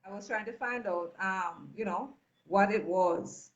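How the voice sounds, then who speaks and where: A Jamaican woman talks as a guest and stops often to restart her sentences. Her voice sits at a middle pitch. The line sounds dull and lo-fi. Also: unhurried. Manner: hesitant, restarts and fillers while explaining. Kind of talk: phone-in discussion.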